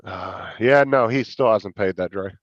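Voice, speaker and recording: A man hosting a live stream, chatting in a relaxed way and swearing casually. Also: on the low side, measured pace, dry recording. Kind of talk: casual chat. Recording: dry, dull mic.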